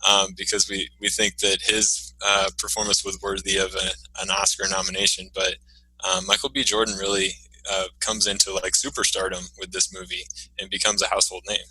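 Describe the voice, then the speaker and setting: A man with a sharp, tense tone and a flat, even pitch leads a casual film podcast discussion. He talks eagerly, hesitates often, and throws questions to the others. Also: brisk, husky, low-quality recording. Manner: eager, hesitant with many fillers, poses questions. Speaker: podcast co-host.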